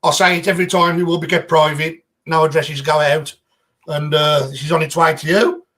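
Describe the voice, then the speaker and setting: A man's voice: on the high side, flat delivery, a little fast, fairly bright tone. A man hosting a live stream, chatty and affectionate. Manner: chatty, affectionate, laughs often. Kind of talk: casual live-stream chat.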